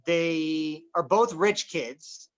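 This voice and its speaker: A man hosting a casual political chat, talking in a boisterous, loud and animated way. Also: fairly high pitch, extremely slow. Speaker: podcast host. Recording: dull lo-fi recording.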